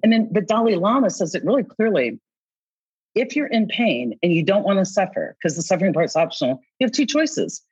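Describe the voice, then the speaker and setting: A woman coach in a podcast conversation who talks with a husky voice and acts out both sides of the dialogues she describes. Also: mid-range voice, big pitch swings, fairly quick, a little mellow, dry recording, muffled recording. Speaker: coach advising company founders.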